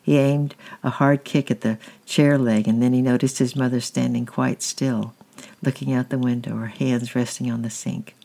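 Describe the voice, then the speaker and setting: A man narrating a storybook with a calm, steady reading. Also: mid-range voice, moderate pace, creaky.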